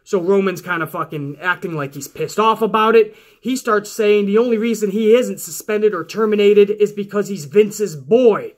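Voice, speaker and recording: A man giving a casual, profanity-heavy recap of a wrestling show as its regular reviewer, ranting excitedly. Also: high voice.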